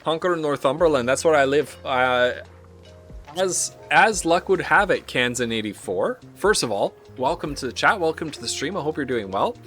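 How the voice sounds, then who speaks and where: A man's voice: on the high side, expressive, moderate pace, fairly bright tone, soft background music. A man streaming a strategy game live, reading its event text aloud and dropping wry asides to his chat. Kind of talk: live gameplay commentary.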